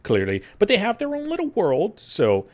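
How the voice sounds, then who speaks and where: A man's voice: high-pitched, wildly swooping pitch, moderate pace. A man hosting a gaming podcast in casual chat. He laughs often and acts out quotes in silly voices. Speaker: podcast host.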